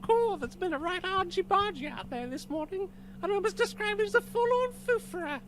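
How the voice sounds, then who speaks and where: An actress voicing a haughty, sharp-tongued elderly aunt in a game. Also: female voice, very high-pitched, lively intonation, normal speed, over music, rough recording. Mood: snooty. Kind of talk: video game voice acting.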